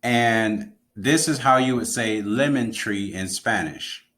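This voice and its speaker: A man's voice: fairly low pitch, slow, fairly bright tone. A man teaching an online language lesson, explaining patiently and repeating key words.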